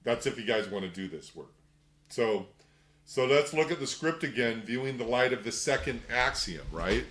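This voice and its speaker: A middle-aged man teaching a workshop in a loose, conversational way, often acting out short scenes in quick put-on voices. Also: medium pitch, animated, fairly bright tone, reverberant. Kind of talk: casual spoken lecture. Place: room with a group.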